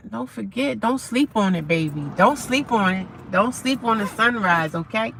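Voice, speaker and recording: A woman's voice: mid-range voice, lively intonation, normal speed, creaky, fairly bright tone, slight background noise. A woman, live-streaming outdoors at sunrise, chatting casually with her viewers and reading their comments aloud. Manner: chatty, talks to viewers and reads chat aloud.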